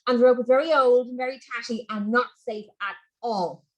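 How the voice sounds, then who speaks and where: A woman reading a children's story aloud in an expressive, animated way. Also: on the high side, fairly quick, rough recording.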